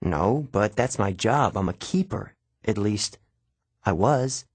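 A man voicing an anxious young male satyr who talks in nervous, halting bursts. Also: on the low side, animated, husky, no echo, heavily acted. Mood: miserable.

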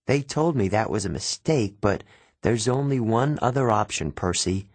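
Man voicing a soft, worried mother. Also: fairly low pitch, expressive, moderate pace, no room sound. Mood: pleading. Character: worried, protective mother, middle-aged woman.

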